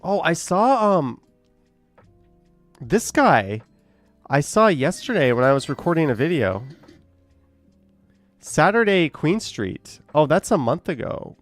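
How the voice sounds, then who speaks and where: A man's voice: a little high, big pitch swings, takes it slowly, pauses often, dry recording, soft background music. A man casually chatting on a live stream, reading out viewer comments and rambling with a hesitant, trailing-off manner.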